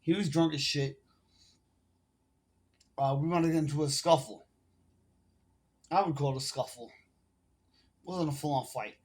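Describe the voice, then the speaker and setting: A man's voice: fairly high pitch, unhurried, pauses often, darkish tone, slightly rough. A man in his forties telling a long personal story to his phone camera in casual, rambling street slang full of swearing. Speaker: vlogger.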